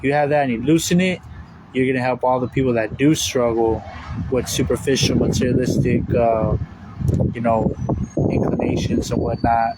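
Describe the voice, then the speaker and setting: A man preaching in a loose, casual way, circling back on his words with plenty of fillers. His voice sits at an ordinary middle pitch. Traffic and outdoor noise carry clearly behind him. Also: steady tone, moderate pace. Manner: rambling, repetitive, with many fillers. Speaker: religious teacher. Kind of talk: casual spoken sermon.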